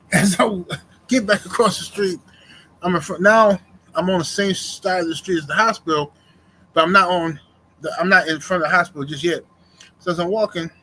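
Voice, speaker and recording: A man's voice: on the high side, slight background noise, rough recording. A middle-aged man in casual chat, animatedly telling a personal story in slang-heavy everyday speech and acting out the other people's voices. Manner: animated storyteller, acts out the voices in his stories. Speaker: co-host.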